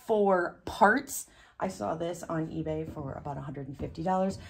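A middle-aged woman, chatting casually with lots of fillers as she shows off her thrift finds on a phone camera. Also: mid-range voice. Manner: chatty, giggly, with many fillers. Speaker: vlogger showing reseller finds. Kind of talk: casual chat. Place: car and stores, on the go. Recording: phone video with clear background noise.

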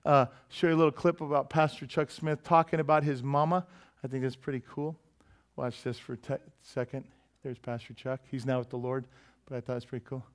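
A man preaching a sermon as pastor, in a lively, joking and emphatic way. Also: mid-range voice, brisk.

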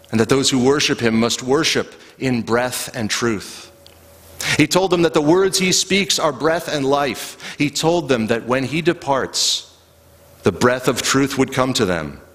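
Pastor preaching in a reverberant church. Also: male voice, mid-range voice, a bit bright. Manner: slow, rhythmic storytelling with long pauses. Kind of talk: sermon. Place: church sanctuary. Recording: live church recording with long reverb.

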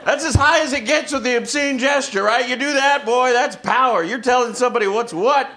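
A man performing a loud, profane stand-up comedy set, laughing as he tells his stories on a club stage. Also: very high voice, a little fast. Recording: live club recording with crowd noise.

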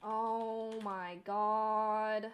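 A woman in her twenties, streaming and chatting casually as she reacts, given to loud embarrassed exclamations. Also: medium pitch, level tone, drawn-out words, slight background noise. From United States. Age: 20s. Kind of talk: casual chat reacting to old videos.

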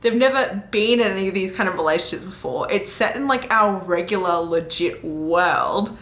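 A woman's voice: mid-range voice, moderate pace. Chatty young woman in an echoey room. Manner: chatty and animated, many fillers, laughs often. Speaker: book vlogger. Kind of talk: casual book review vlog.

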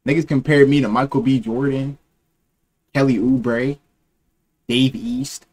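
A man's voice: mid-range voice, animated, measured pace, darkish tone. Joking young man streamer. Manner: loose, joking, trash-talking slang. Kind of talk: casual reaction chat.

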